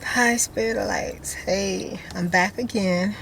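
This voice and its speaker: A woman vlogger chatting casually to her viewers in a relaxed, rambling way. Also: medium pitch, takes it slowly, a little hiss or hum. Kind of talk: casual vlog chat.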